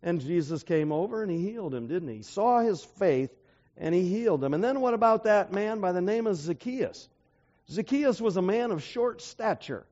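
A man's voice: high voice, lively intonation, moderate pace, darkish tone. A man preaching a sermon who keeps asking his listeners rhetorical questions and retells stories with emphasis. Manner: asks the audience rhetorical questions. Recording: dull lo-fi recording.

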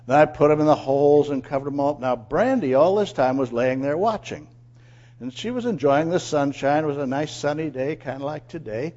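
Animated man telling a moral story. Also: on the high side, dull audio. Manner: animated, asks listeners questions, acts out quotes. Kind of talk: storytelling sermon.

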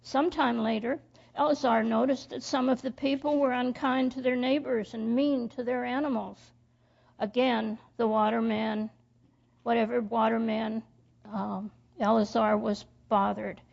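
A woman reading a story aloud to children in church, halting and stumbling over words as she goes. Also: fairly high pitch, steady tone, creaky, a little mellow. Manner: slow, halting reading with slips and restarts. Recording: dull lo-fi recording.

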